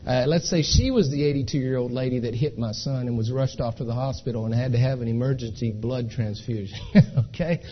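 A man's voice: medium pitch, fairly quick, slightly rough, lo-fi sound. A man gives a folksy, chatty talk to an audience, telling stories and keeping to check in with "okay?". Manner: chatty, storytelling, keeps asking "okay?". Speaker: speaker at an identity theft seminar. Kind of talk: folksy live presentation to an audience.

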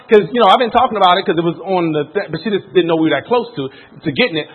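A man telling a story to a live audience as a motivational speaker, animated and acting out the people in it. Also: sits high, rapid-fire, slight background noise, poor audio. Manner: animated storyteller, acts out quoted voices.

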